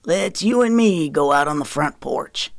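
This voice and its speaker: A woman's voice: sits low, lively intonation, unhurried, creaky, no echo, studio quality, full character voice. A woman voicing a friendly, folksy older man in an audiobook.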